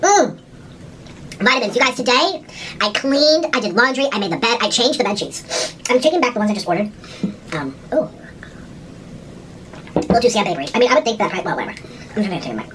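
A woman's voice: fairly high pitch, big pitch swings, brisk, long pauses, fairly bright tone, slight background noise, low-quality recording. A woman doing a casual mukbang, chatting at home while she eats, often humming and saying "ooh" between bites. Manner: chatty, talks while eating, little hums and ooh sounds. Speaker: vlogger.

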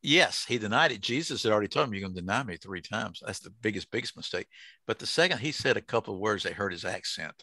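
A folksy older man with a drawl leads a Bible study, tossing questions to his group. His voice sits low and comes across bright and forceful, close and dry with no room echo. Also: animated, quick pace. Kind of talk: casual Bible study teaching.

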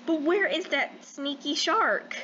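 A young woman giving casual gameplay commentary as a channel host, excitable, squealing when panicked and full of "like" fillers. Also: high-pitched, slow, dull audio, slight background noise.

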